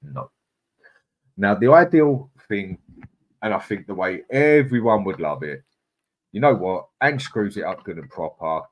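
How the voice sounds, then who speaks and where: With a lowish, expressive voice, a man goes a little slow and leaves long pauses as he co-hosts a casual live stream. He reads viewers' comments bluntly and chattily, giving his opinions, laughing, and saying "mate" a lot. There's slight background noise.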